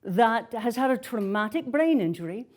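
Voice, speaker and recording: A middle-aged woman with a Scottish accent, a worship minister telling a story in a gentle sermon and dropping softly on key words. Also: a little high, expressive, normal speed.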